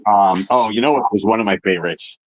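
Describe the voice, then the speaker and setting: A man's voice: fairly low pitch, fairly quick, dry recording, muffled recording. A man talking casually about writing for animation, with many ums and restarts. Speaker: animation writer. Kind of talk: casual interview chat.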